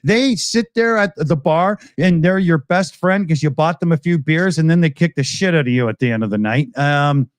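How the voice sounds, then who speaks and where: A man's voice: on the high side, moderate pace, few pauses, no echo, clean studio sound. A Canadian man co-hosting a casual online chat show, rambling and joking with frequent laughs. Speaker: podcast co-host.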